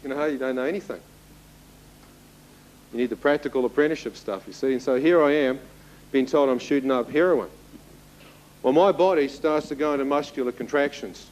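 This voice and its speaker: A man's voice: medium pitch, a little fast, pauses often, a little mellow, low-quality recording. A man in his thirties giving a spoken testimony to an audience, telling his story vividly and turning to the listeners with asides. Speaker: testimony speaker.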